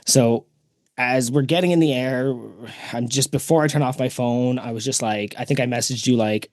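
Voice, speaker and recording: A man tells a story on a podcast with plenty of energy, slipping into short voices for the people in it. His pitch sits mid-range, and the mic is close and dry. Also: moderate pace, no room sound. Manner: animated storyteller, acts out quoted people. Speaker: podcast host. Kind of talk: casual storytelling chat.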